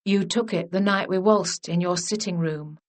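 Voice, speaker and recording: A woman voicing a charming, teasing male lord in a lowered, unhurried voice. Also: natural voice.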